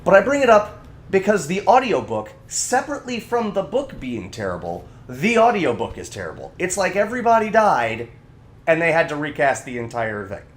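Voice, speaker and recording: Animated male podcast co-host. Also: a little high, normal speed. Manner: animated, ranting. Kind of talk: casual chat.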